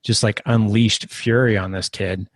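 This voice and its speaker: A man's voice: lowish voice, measured pace, no room sound, studio quality. A man in his thirties, a podcast guest, telling stories in a rambling, chatty way with lots of restarts. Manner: rambling, restarts, animated when quoting. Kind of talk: casual storytelling interview.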